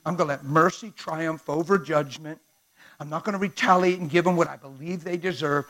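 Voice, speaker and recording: Impassioned high-voiced male preacher. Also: fairly even intonation, a little fast. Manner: impassioned, swings from hushed to shouting. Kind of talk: sermon.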